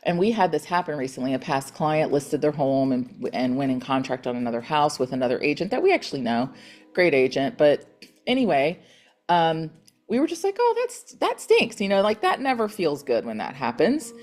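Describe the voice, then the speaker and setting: A middle-aged woman hosting a motivational real estate team call, chatty and encouraging, retelling conversations with lively quoted voices. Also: low voice, fairly quick.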